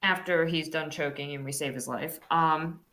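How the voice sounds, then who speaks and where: A woman's voice: sits low, fairly even intonation, moderate pace, pushed and bright. A woman playing a tabletop game, chatting in a playful, jokey way. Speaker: player. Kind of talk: casual tabletop play.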